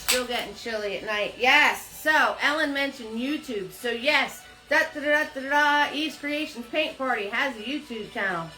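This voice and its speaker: Bright, chatty New Jersey woman. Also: high-pitched, moderate pace, hardly any pauses, faint music behind, poor audio. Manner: chatty, laughs often, greets viewers by name. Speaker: painting instructor. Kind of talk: live painting class.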